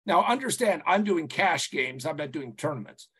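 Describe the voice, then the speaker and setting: A man telling stories as a consultant guest on a podcast interview, rambling and animated, full of "you know" and restarts, swearing casually. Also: fairly high pitch, normal speed, breathy edge.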